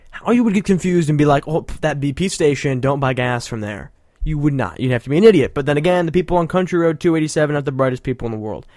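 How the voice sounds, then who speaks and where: A man's voice: a little high, darkish tone, no room sound, clean studio sound. A man hosting a show, giving casual, sarcastic, rambling commentary with frequent laughter. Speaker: podcast host.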